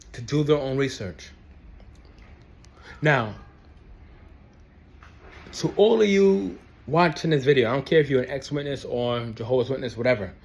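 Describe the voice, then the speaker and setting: A young man ranting to camera about his family, angry and profane, repeating himself for emphasis. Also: a little high. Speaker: ex-Jehovah's Witness vlogger. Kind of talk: heated personal rant to camera.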